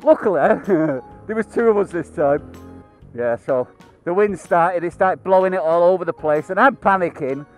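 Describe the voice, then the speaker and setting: High-voiced laughing British man vlogging. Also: moderate pace, faint music behind, low-quality recording. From United Kingdom. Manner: laughs often, swears constantly, rambling. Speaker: motorcycle vlogger. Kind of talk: casual chat to camera.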